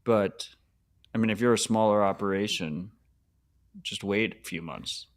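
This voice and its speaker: A man co-hosting a podcast who answers in blunt, short remarks and then talks the point through. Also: on the low side. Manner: blunt, quick short replies. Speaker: podcast co-host. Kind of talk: casual news chat.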